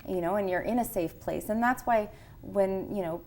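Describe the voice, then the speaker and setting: A woman's voice: mid-range voice, moderate pace, a little mellow, slight background noise. A woman Reiki practitioner explaining her work in casual conversation, earnest and reassuring. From Canada. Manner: earnest, reassuring, laughs easily.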